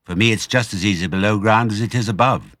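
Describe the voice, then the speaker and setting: A man's voice: lowish voice, fast, a bit bright, no echo, studio quality, lightly acted. Sly old fox, as an elderly man reads him. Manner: confident, smooth, gleeful. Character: sly, clever male fox, family father.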